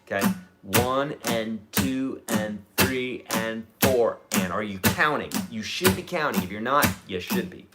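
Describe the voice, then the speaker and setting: A man's voice: mid-range voice, lively intonation, a little slow. Encouraging male guitar teacher counting beats. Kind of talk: live-streamed guitar lesson. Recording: guitar playing loudly behind the voice.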